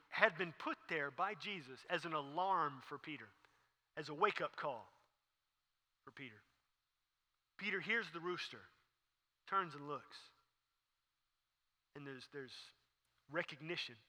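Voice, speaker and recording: A man preaching a sermon, acting out the characters' lines with animated emphasis. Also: fairly high pitch, measured pace, long pauses, long reverb tail. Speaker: pastor.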